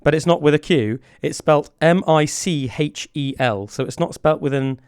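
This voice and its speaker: A man's voice: fairly high pitch, moderate pace, smooth, no room sound, studio quality. A man hosting a podcast in casual chat, joking and rambling with frequent restarts. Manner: jokey, rambling with many restarts. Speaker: podcast host.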